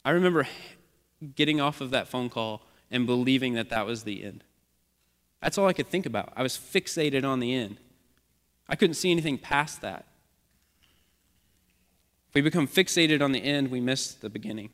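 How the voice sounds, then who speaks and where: A man's voice: medium pitch, animated, moderate pace, long pauses, fairly bright tone, long reverb tail. A man preaching a sermon as the church's pastor, speaking with an earnest, repetitive preaching cadence.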